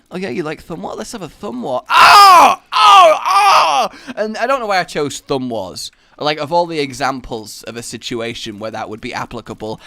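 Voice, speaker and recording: Animated, bright-voiced man. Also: a little high, no echo. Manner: rambling, self-mocking, bursts into loud laughing shouts. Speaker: gaming YouTuber. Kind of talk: casual gameplay commentary.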